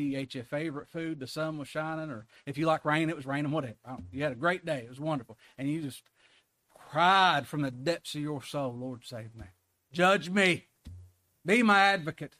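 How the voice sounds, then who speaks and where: Casting: male pastor, fairly high voice, folksy emphatic sermon delivery, dry close mic. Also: no room sound. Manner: folksy and emphatic, chuckles, rises to a preaching cry.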